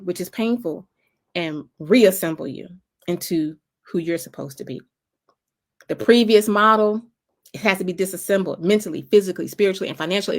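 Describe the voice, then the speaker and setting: Emphatic Southern woman preaching encouragement. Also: fairly low pitch. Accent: North Carolina Southern. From North Carolina. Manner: emphatic, repeats phrases in a preaching cadence. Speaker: motivational speaker and author. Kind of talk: inspirational faith talk.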